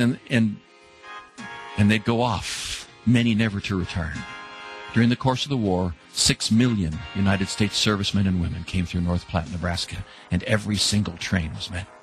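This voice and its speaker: A man with a lowish voice tells an inspirational story in an earnest, measured way. He slows down to land the key lines. Soft music plays faintly underneath.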